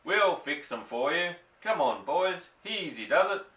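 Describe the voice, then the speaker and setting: A man's voice: on the high side, sing-song, a little slow, pushed and bright, reverberant, far from the mic, voice pushed up, exaggerated voice. A man voicing a sly, jovial village police sergeant, dropping and adding h's. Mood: hearty. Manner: hearty, dropping and adding h's, mock-respectful.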